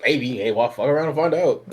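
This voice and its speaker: Brief: young Southern man, podcast host, outgoing and giggly, voice sits a bit high. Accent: Southern American. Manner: boisterous, outgoing, laughs often. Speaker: podcast host, anime YouTuber. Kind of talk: casual podcast chat.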